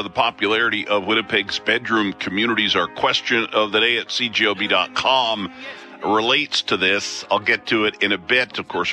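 A man hosts a call-in radio show from a studio mic. His voice is very bright and forward. He talks in a loose, conversational way and restarts his sentences as he thinks. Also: fairly low pitch. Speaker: radio talk show host.

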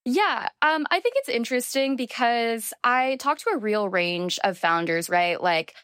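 A woman's voice: fairly high pitch, animated, unhurried, a bit bright, smooth, dry recording, clean studio sound. A young woman in her twenties, a journalist guest, chatting freely with many fillers and "like"s. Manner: chatty, lots of filler words and "like". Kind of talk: conversational interview.

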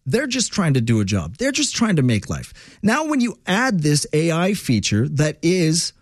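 A man's voice: on the high side, wildly swooping pitch, moderate pace, no room sound, clean studio sound. A man hosting a talk radio show, giving an emphatic, rambling, opinionated monologue on air. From Quebec, Canada.

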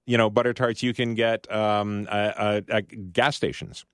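A man's voice: fairly low pitch, little pitch movement, measured pace, clear, resonant tone, no room sound. A man as a studio guest on a radio show, chatting about baking in a rambling, explaining way with frequent restarts. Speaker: studio guest, food commentator. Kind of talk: casual radio talk. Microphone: studio microphone.

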